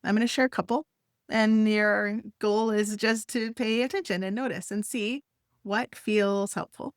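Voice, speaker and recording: A woman gently guiding listeners through a breathing and stretching exercise. Her instructions are soft, encouraging and unhurried, with the odd light laugh. Her voice sits at a middle pitch and sounds close and dry, with no room around it. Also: fairly even intonation, dry recording. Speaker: wellness instructor.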